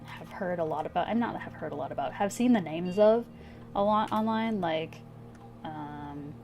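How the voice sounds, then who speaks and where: A woman streamer casually thinking aloud over a puzzle game, hesitant and giggly, with soft music behind. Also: fairly low pitch, normal speed. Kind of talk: casual gameplay commentary. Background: soft background music.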